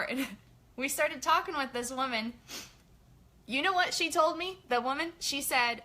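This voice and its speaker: A woman leading a casual motivational team training, chatty and energetic in her pep talk. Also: high-pitched, moderate pace. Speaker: sales team leader.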